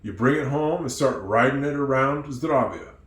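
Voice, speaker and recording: A man teaching English tells a moral story to his students, acting out each character as he goes. His voice sits at an ordinary middle pitch. The room around him is noticeably echoey. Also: expressive, moderate pace, fairly bright tone. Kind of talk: storytelling lesson.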